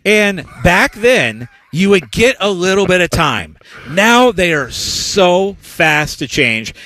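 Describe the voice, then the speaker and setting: A man's voice: high voice, big pitch swings, slow, sharp tone. A man co-hosting a sports betting talk show, telling stories animatedly and laughing often. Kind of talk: casual chat.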